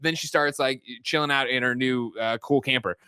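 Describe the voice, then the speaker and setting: A man hosts a casual podcast and recaps a film, breaking into little impressions of the characters as he goes. His voice is bright and forceful. The studio sound is dry, with almost no room around him. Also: mid-range voice, moderate pace, clear, resonant tone, no room sound. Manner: animated storyteller acting out scenes with swearing and laughs. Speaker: podcast host.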